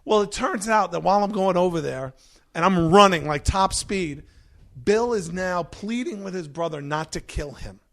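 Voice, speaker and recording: A man who is a podcast guest, telling a story in a lively, profane way. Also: high voice, moderate pace, vocal fry. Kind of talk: storytelling in casual chat.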